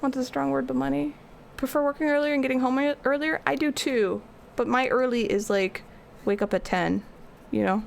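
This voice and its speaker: Chatty woman streamer with vocal fry. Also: high-pitched, steady tone, moderate pace, slight background noise. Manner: rambling and chatty, answering chat. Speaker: art streamer. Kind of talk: casual chat with a live stream chat.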